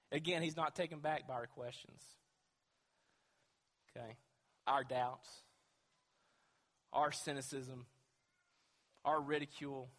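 A man's voice: a little high, fairly bright tone. A man preaching a sermon as pastor, emphatic and asking the congregation rhetorical questions. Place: church sanctuary with long reverb. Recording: reverberant church hall.

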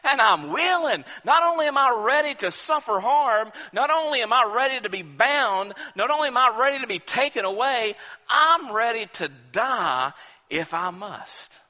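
A preacher putting on a resolute apostle, pleading. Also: male voice, sits high, big pitch swings, unhurried, pauses often, pushed and bright, voice pushed up, heavily acted. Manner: pleading, insistent, emphatic. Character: apostle Paul, resolute man ready to die. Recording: echoey hall.

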